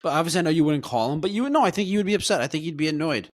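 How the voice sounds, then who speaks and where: A man's voice: a little high, animated, rapid-fire, dry recording, studio quality. A man co-hosting a casual sports podcast, insisting on his point and stammering when interrupted. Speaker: podcast co-host, New York fan.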